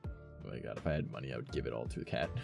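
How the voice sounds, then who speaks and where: A man's voice: extremely low pitch, very fast, gravelly, a little mellow, soft background music. A man streaming and chatting casually with his viewers, rambling and cursing often, with lots of "like" in his talk. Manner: rambling, swears often, heavy use of "like". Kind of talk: casual chat with a live stream audience.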